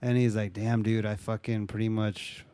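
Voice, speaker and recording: A man's voice: on the low side, flat delivery, normal speed, dark tone, clear, resonant tone, no room sound. A young man casually retelling a movie plot, swearing often and acting out the characters' lines. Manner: laid-back, swears often, acts out quotes.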